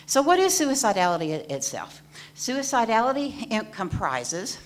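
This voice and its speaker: A woman's voice: fairly high pitch, big pitch swings, normal speed. A middle-aged woman therapist giving an earnest, direct personal talk to an audience. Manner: earnest, direct, addresses listeners as folks. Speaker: mental health therapist speaking at an event.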